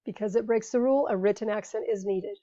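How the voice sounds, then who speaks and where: A woman teaching a grammar lesson, patiently explaining rules and saying each example word slowly before repeating it. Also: mid-range voice, dark tone. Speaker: Spanish teacher. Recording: dull lo-fi recording.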